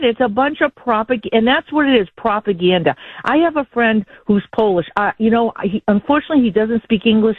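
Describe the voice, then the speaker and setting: A woman's voice: mid-range voice, dry recording. A woman caller heard over a tinny phone line, speaking in a middling voice. She rambles and sounds frustrated and indignant. Her sound is dry, with no room around it. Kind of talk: call-in talk radio.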